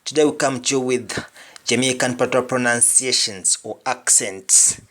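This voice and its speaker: Man, language teacher, emphatic delivery, repeats examples, medium pitch. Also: moderate pace, a bit bright. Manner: emphatic, repetitive example sentences. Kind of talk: video lesson.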